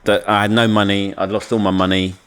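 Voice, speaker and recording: A middle-aged man with a London accent, a podcast guest telling animated stories and laughing as he goes. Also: fairly low pitch, fairly quick, clean tone. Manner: animated, laughing, swings into voices. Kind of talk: casual storytelling chat.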